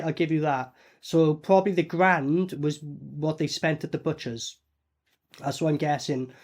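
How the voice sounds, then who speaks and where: A man reviewing a low-budget horror film in a blunt, sweary, mocking way. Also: darkish tone. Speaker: movie reviewer. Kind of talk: casual reaction commentary.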